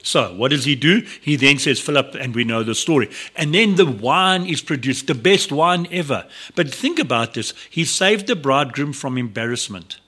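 A man gives a devotional talk on the radio. His voice is bright and forceful. He speaks earnestly and conversationally, often restarting his sentences and stopping for asides. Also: mid-range voice, animated, normal speed, hardly any pauses, slightly rough. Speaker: radio presenter.

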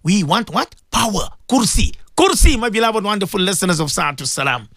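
A man's voice: sits high, big pitch swings, brisk, pushed and bright, no room sound. A man hosting a morning religious radio show, preaching with passion and repeating his phrases in a sing-song way.

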